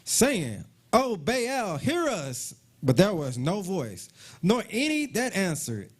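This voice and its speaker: A man's voice: sits high, wildly swooping pitch, slow pace. A man reading Bible verses aloud at a live study, calling out verse numbers. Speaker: scripture reader.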